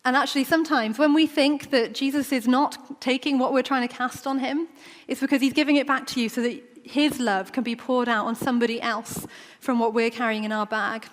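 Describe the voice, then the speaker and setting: A woman's voice: high voice, fairly even intonation, a little fast. A woman preaching a sermon in a church, talking in a conversational way and acting out the quoted voices. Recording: long church reverb.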